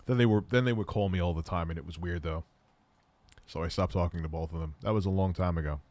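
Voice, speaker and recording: A man's voice: low-pitched, fast, a little mellow. A man in his thirties hosting a livestream, answering chat questions in candid, rambling, self-deprecating stories.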